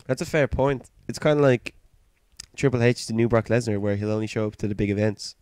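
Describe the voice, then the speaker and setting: A man's voice: medium pitch, a little fast, a little mellow, smooth, no room sound. A British man co-hosting a podcast in casual chat, playful and teasing. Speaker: podcast co-host.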